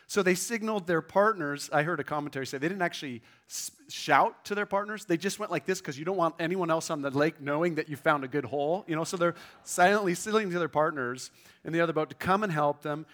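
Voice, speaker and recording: A man preaching a conversational sermon, telling the story with lively asides and frequent "right?". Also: a little high. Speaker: pastor.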